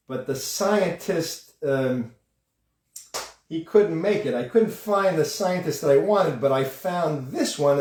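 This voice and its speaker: A man hosting a live-stream puppet show, talking in a rambling, halting way. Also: a little high, a little mellow, slight background noise. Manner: rambling, halting, many fillers. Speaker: host and puppeteer. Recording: echoey room, voice far from mic.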